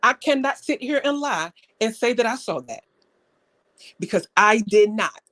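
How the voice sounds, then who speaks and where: A woman's voice: on the high side, animated, normal speed, a bit bright, no echo. A young woman hosting a live online panel, telling stories in a casual, chatty way and defending herself. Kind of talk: casual talk on a live stream.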